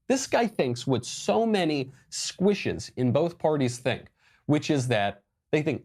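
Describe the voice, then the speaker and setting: A man giving emphatic, sarcastic political commentary over news clips. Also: mid-range voice. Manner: emphatic, sarcastic, lively delivery.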